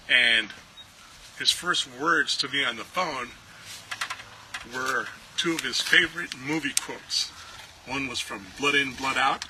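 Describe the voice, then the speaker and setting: A man, a friend and actor, giving a relaxed, heartfelt memorial tribute with many filler pauses. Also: medium pitch, low-quality recording. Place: outdoors at a ranch. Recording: steady background noise.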